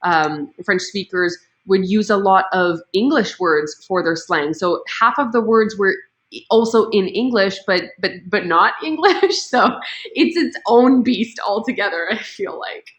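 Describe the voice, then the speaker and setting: A woman's voice: mid-range voice, lively intonation, measured pace, a bit bright, poor audio. Chatty Canadian woman on a video call. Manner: chatty, self-deprecating, laughs easily. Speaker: guest. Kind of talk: casual live interview chat.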